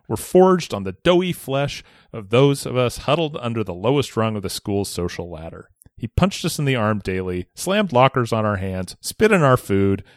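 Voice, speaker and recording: Podcast host, male, reads a listener letter with lively swooping delivery, dry close sound. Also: mid-range voice, no echo. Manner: animated, expressive storytelling. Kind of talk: reading a listener letter aloud.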